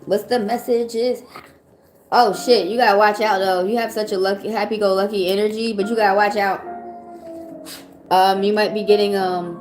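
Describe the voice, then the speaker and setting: A woman's voice: medium pitch, fairly even intonation, moderate pace, darkish tone, faint music behind. A woman with a Southern accent giving casual livestream tarot readings, chatty and loose, swearing now and then. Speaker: tarot reader.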